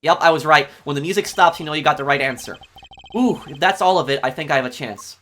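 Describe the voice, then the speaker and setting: A man's voice: on the high side, fast, fairly bright tone. A man hosting a let's play, chatting casually and reacting to the game. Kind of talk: casual gameplay commentary.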